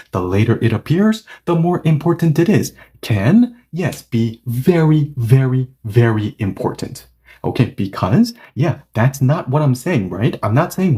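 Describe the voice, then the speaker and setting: Guy teaching a language lesson, mellow low-key tone but super lively pitch, keeps saying okay and yes. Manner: animated, acts out example sentences, many "yes" and "okay" asides. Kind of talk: grammar lesson explanation.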